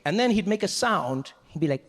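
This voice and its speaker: A man doing stand-up, telling a story in an animated, self-mocking way with quick act-outs. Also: sits high. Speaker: stand-up comedian. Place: live comedy venue. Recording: echoey live venue with faint ambience.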